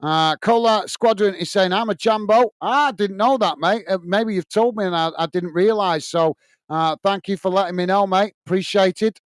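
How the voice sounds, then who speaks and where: A British man with a high voice talks at normal speed, with no echo, while hosting a live football watch-along. He mixes play commentary with reading chat, frequently saying mate and using plenty of fillers.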